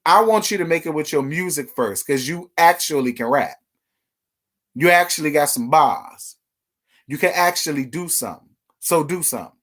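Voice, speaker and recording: A man's voice: a little high, expressive, normal speed, fairly bright tone. Sassy, chatty gossip host, man. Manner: sassy, chatty, talks straight to viewers. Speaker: livestream host. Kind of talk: casual reality TV gossip livestream.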